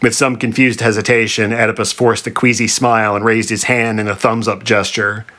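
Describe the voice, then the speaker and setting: A man narrating a comic story in a dry, deadpan manner. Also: fairly low pitch, fairly quick.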